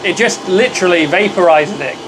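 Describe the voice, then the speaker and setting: Brief: chatty British male streamer, slightly high voice, upbeat and friendly, faint hum behind. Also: fairly quick. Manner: chatty, upbeat, thanks viewers by name. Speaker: livestream host. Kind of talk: casual live-stream chat.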